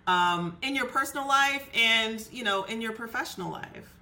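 A woman hosting an interview podcast, asking questions and giving warm affirmations. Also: on the high side, lively intonation, normal speed. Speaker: podcast host.

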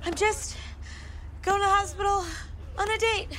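A woman playing a deadpan sketch passenger. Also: very high voice, normal speed, noisy background. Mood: unbothered. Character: unbothered young woman passenger in a comedy sketch.

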